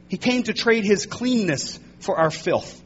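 A man preaching a sermon with emphatic, rising stress, often slowing and pressing on key words. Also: high voice, expressive, muffled recording, slight background noise. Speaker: pastor.

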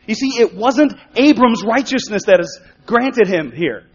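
A man preaching a sermon in a conversational way, acting out quick spoken asides. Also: sits high, expressive, slightly rough. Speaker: pastor. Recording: dull sound with long hall reverb.

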